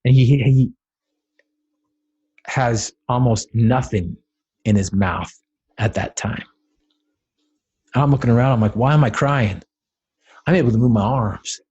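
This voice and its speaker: A man with a husky, slightly rough voice tells a personal story as a podcast guest. He talks dramatically and builds to emphatic, rising peaks. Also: medium pitch, unhurried, pauses often, dark tone, highs cut off. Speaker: podcast guest, motivational speaker.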